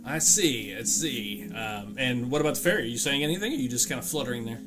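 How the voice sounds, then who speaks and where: A male game master narrating a tabletop game in a relaxed, chatty way, full of ums and restarts. His pitch is an ordinary middle for a man. Music plays clearly underneath. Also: fast. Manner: relaxed, chatty, frequent fillers.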